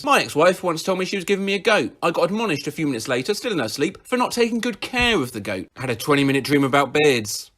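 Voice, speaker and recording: Comedy host: man, lively high-ish voice, bright tone, reads posts and snaps into goofy shouted voices. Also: quick pace, few pauses. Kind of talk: comedic reading of internet posts.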